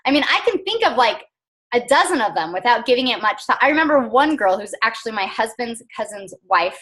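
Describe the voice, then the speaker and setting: Bright-voiced chatty woman coaching her team. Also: on the high side, big pitch swings, fairly quick. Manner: chatty and earnest, with frequent fillers and small laughs. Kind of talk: casual motivational team call.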